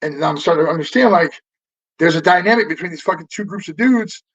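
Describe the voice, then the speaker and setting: A man's voice: fairly high pitch, quick pace, a bit bright, husky. A man in his fifties from Southern California, a podcast guest telling stories in a loose, rambling way, swearing often and stopping and restarting with lots of fillers. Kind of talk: casual storytelling interview. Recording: dull lo-fi audio.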